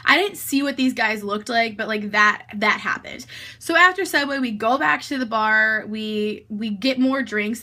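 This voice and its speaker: A woman's voice: on the high side, sharp tone. A woman in her twenties telling a casual storytime vlog, chatty, full of fillers and frequent swearing. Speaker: vlogger.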